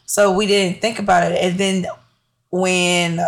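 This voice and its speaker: A young woman co-hosting a podcast, chatting casually in a relaxed, easygoing way, often trailing off softly. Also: on the low side, unhurried. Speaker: podcast co-host. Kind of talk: casual chat.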